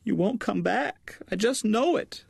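A woman's voice: deep voice, very animated, normal speed, no room sound, pitched above the performer's own voice. A fussy, worried middle-aged mother frets and pleads in a raised, anxious voice, as a male narrator puts her on. The audiobook recording is dry and close. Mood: tearful. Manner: fretful, pleading, easily tearful.

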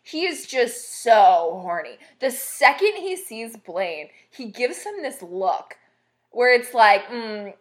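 Young woman podcast co-host, slow and animated, chatty with filler words and easy laughs. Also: on the high side. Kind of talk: casual chat.

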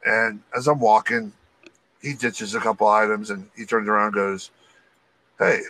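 A man's voice: on the low side, normal speed, rough recording. A man telling a work story on a podcast in a casual, profane way, acting out the people he quotes. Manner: profane, animated, acts out quotes. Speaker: podcast co-host, retail loss prevention worker.

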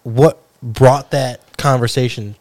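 A man's voice: medium pitch, fairly even intonation, slow pace, darkish tone, no echo. A man co-hosting a casual podcast chat, rambling with lots of fillers and slang. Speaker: podcast co-host. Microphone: headphones.

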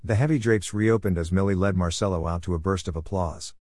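A man narrating a story in a steady, plain reading manner. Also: deep voice, brisk, no echo, studio quality.

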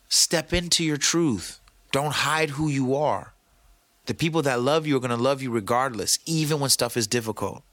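A man with a bright, forceful voice talks loosely and playfully, full of slang, as he hosts a podcast. The sound is dry and close, with no room around it. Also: medium pitch, no room sound. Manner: animated, playful, slangy, talks to his producer. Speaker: podcast host. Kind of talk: casual motivational talk.

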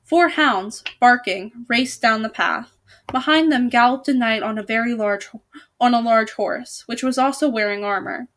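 A woman's voice: a little high, normal speed, fairly bright tone. A woman reading a novel aloud, with casual asides and frequent self-corrections. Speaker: storybook reader.

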